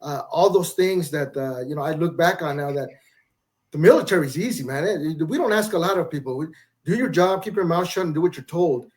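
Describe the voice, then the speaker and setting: A man's voice: fairly high pitch, lively intonation, fairly quick, darkish tone. A middle-aged man, a retired Marine master gunnery sergeant, talking as a guest in a casual interview. He speaks candidly and reflectively, restarts his sentences often, and uses salty language.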